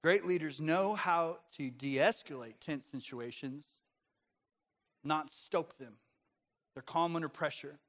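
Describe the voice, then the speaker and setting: A male pastor preaching a sermon in a conversational, animated style with humor, then turning quiet and measured to make his point. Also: fairly high pitch.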